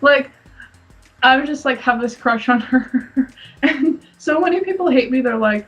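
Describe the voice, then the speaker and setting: A woman's voice: fairly high pitch, fairly even intonation, a little fast, lo-fi sound. A young woman co-hosting a casual podcast chat, gushing and giggly, squealing when she acts out her younger self. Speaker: podcast co-host. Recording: distant mic, faint music.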